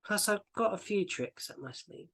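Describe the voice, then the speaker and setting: A man voicing a wary female fae with plant magic, who talks in a calm, matter-of-fact and hesitant way. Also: high-pitched, moderate pace, voice pushed up, exaggerated voice.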